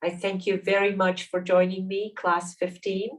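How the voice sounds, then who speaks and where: A woman leading a yoga class, calmly cueing poses and breaths step by step. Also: mid-range voice, normal speed, far from the mic, low-quality recording. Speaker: yoga teacher. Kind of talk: guided yoga class instruction.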